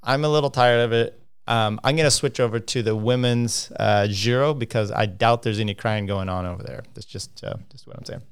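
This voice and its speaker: A man's voice: medium pitch, brisk, clear, resonant tone. A man hosting a casual cycling livestream, rambling with lots of fillers and restarts as he talks through standings and viewer comments.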